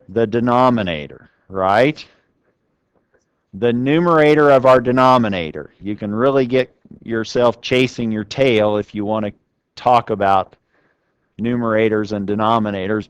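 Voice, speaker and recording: A man's voice: mid-range voice, smooth, no room sound. A man giving a university classroom lecture, talking conversationally and putting questions to the class. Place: lecture room.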